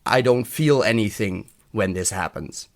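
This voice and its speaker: A man's voice: fairly low pitch, a little slow. A man from Europe co-hosting a podcast, giving a frank, sardonic film review in casual chat, swearing freely. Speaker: podcast co-host.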